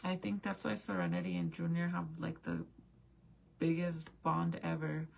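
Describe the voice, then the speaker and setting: A woman's voice: lowish voice, fairly even intonation, moderate pace, gravelly, a little mellow. A young woman chatting casually with viewers as she looks back through old family photos, swearing now and then. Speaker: mom vlogger.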